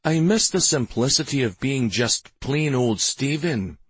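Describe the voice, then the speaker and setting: Guy playing a little storybook prince, light baritone, wistful and bitter, dry and husky. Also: lively intonation, unhurried, dry recording. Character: small young prince, gentle and wounded.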